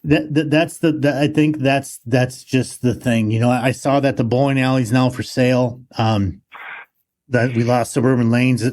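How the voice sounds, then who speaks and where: Chatty Minnesota podcast host. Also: male voice, mid-range voice, steady tone, normal speed, darkish tone. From Iron Range, Minnesota. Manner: chatty, reminiscing, restarts often. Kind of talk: casual podcast interview. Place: studio.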